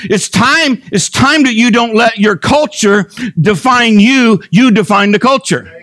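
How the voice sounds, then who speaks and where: A preacher voicing a gentle fatherly God. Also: very high-pitched, unhurried, pitched above the performer's own voice. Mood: earnest. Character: gentle fatherly male God speaking to a believer.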